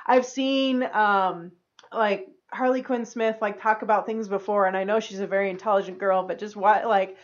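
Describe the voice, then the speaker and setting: A woman's voice: mid-range voice, fairly even intonation. Chatty woman co-host saying "like" constantly. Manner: chatty, fills every pause with "like". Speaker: podcast co-host. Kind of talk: casual movie review chat. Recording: dull lo-fi recording.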